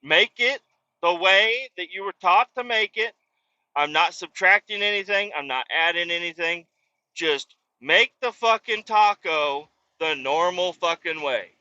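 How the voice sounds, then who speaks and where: A man's voice: high-pitched, expressive, unhurried, bright, forceful tone, no room sound. A man hosting a podcast, telling a rambling, profane story in a casual comedic rant. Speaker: podcast host. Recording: dull lo-fi dry recording.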